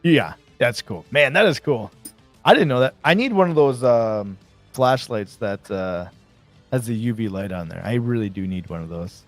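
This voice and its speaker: Excited man hosting a live stream. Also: mid-range voice, normal speed, dry recording, faint music behind. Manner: excited, chatty, reads chat aloud. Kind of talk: casual live stream chat.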